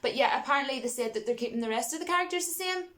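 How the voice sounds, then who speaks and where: A woman's voice: sits high, lively intonation, very fast, sharp tone. A woman vlogging her opinions on film remakes in a casual, exasperated rant, with frequent asides to her viewers. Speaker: vlogger reviewing films.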